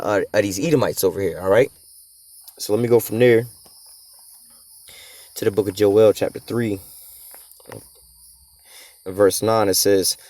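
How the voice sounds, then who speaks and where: Low-voiced man, fast and blunt, swearing as he preaches scripture. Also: a little mellow, dry recording. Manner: streetwise, blunt, swears freely; voices imagined quotes with rising pitch. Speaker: scripture teacher. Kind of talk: informal preaching commentary on scripture.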